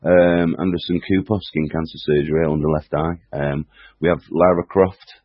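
A man's voice: rumbling low, fairly even intonation, moderate pace, dry recording. A man hosting a podcast in casual, rambling chat, joking and hesitating with many fillers. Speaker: podcast host. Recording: dull lo-fi dry audio.

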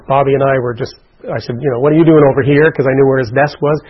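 Guy telling his own story for a news piece, earnest, husky, kinda muffled tv audio. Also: medium pitch, steady tone, fast talker. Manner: earnest storytelling, acts out quotes. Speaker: interviewee, survivor. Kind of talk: recounting a personal story.

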